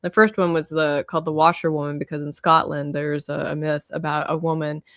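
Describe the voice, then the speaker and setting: A woman co-hosting a podcast, telling stories in a fairly monotone, rambling way. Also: deep voice, brisk, dry recording, studio quality. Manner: self-described monotone, rambling storyteller. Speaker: podcast co-host and writer. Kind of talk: casual podcast chat.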